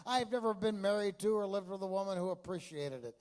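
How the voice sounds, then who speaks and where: Brash high-voiced comedian from Texas. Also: male voice, a little fast, a little mellow. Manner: brash, crude punchlines, chatty asides. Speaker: stand-up comedian. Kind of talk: stand-up comedy routine.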